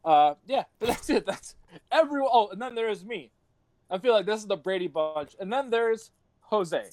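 A young man on a casual podcast, talking in a loose, rambling way full of swearing and laughter. His voice sits high for a man. The sound is dry and close, with no room to it. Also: expressive, normal speed, a little mellow, no echo. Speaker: podcast host.

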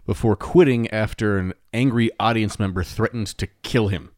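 A man with a fairly low voice co-hosts a casual podcast, joking and laughing between facts he reads aloud. The sound is dry and close, with no room around it. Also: moderate pace, darkish tone, no room sound. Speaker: podcast co-host. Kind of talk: casual chat.

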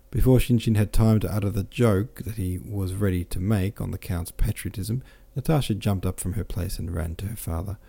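Male audiobook narrator, deep, steady reading. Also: normal speed, vocal fry, few pauses, breathy edge. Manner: steady, with small self-corrections.

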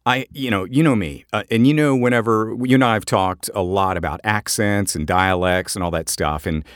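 A man with a very low voice chats casually on a podcast, wandering through his points with plenty of fillers. He sounds close and dry, recorded in a home voiceover booth. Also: moderate pace, no echo. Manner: easygoing, rambling, many fillers. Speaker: podcast co-host, voice actor.

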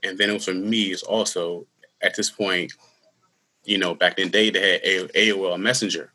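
A man in his thirties telling his personal story in an interview, earnest and candid, with halting restarts. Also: low-pitched, steady tone, pushed and bright. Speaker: guest; school security worker.

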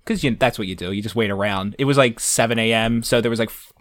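A man's voice: fairly low pitch, fast, fairly bright tone, no room sound, clean studio sound. A man co-hosting a podcast, telling a comedic story casually and quoting himself in mock-cheery voices.

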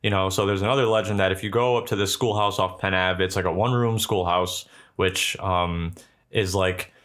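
Young man, low-ish voice, casual storytelling, rambling, profane, filler words. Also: fairly even intonation, moderate pace, a bit bright.

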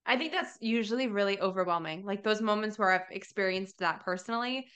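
A woman's voice: medium pitch, a little fast, fairly bright tone. A woman hosting a faith podcast, chatting in a rambling, casual way full of "like". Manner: chatty, rambling, heavy use of "like". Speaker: podcast host.

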